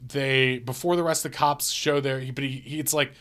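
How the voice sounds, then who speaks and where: A man's voice: mid-range voice, steady tone, a bit bright. A man co-hosting a comedy podcast, casually retelling a movie plot and acting out the characters' lines. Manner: rambling retelling, acts out lines in quick voices. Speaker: podcast co-host.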